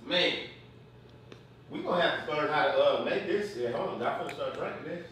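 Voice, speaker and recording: A man's voice: fairly high pitch, lively intonation, normal speed, a bit bright, a little hiss or hum. A man co-hosting an eating show, joking around in slangy, casual banter. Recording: roomy echo.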